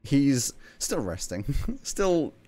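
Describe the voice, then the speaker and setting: A man's voice: medium pitch, huge pitch swings, extremely slow, dark tone. A young man running a tabletop game as game master, joking and laughing often as he narrates.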